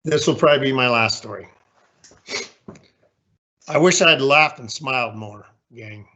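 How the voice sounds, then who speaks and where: A man's voice: mid-range voice, unhurried, sharp tone, highs cut off, a little hiss or hum. A man in his sixties giving a candid, folksy, self-deprecating leadership talk with slides as a guest speaker.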